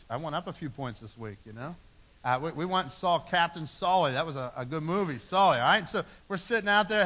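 A man's voice: fairly high pitch, bright, forceful tone. A middle-aged man preaching a sermon, earnest, repeating phrases for emphasis. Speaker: pastor.

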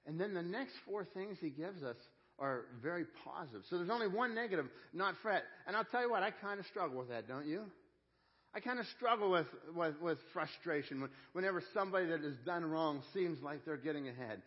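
A man delivers a sermon in an earnest, conversational way, circling back over his phrases as he goes. His voice sits a little high for a man. The recording is dull and lo-fi. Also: animated, fairly quick. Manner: earnest, conversational preaching with repeated phrases and restarts. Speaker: pastor.

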